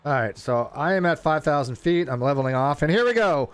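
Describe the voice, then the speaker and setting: A man narrates his flight-sim session in a loose, rambling way, with a slightly high and very lively voice. He often restarts his sentences. The sound is dry and close to the mic. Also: fairly quick, clear, resonant tone, dry recording. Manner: rambling, self-interrupting, excitable. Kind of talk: casual live gameplay commentary.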